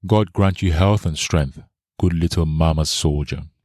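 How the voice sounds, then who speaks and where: Tired, toneless grieving mother, read by a man with a low voice. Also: measured pace, darkish tone, no room sound, studio quality. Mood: toneless tender. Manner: toneless, simple speech rising to anguish. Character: poor grieving young mother, weary, pleading.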